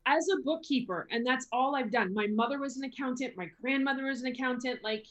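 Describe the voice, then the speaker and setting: A woman guest on a casual podcast, talking about money in a lively way and acting out her own thoughts. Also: high-pitched, fast talker, dull audio. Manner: lively, acts out her own inner talk. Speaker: guest business consultant.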